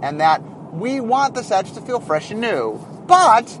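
A man's voice: high voice, sing-song, measured pace, noisy background. A man who is a game designer, talking in a casual, rambling way, often correcting himself as he explains. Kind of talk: casual spoken commentary.

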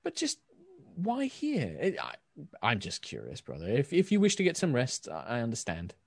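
A man's voice: mid-range voice, huge pitch swings, normal speed, gravelly, a little mellow, dry recording, clean studio sound, voice pushed up, exaggerated voice. Man doing a polite brother's soul in a sword. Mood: curious. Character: male soul bound in a sword, polite and curious.

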